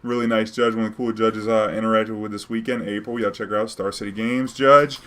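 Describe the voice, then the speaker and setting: A man's voice: on the low side, level tone, a little fast, fairly bright tone. Laid-back slangy man telling a story. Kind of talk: casual storytelling.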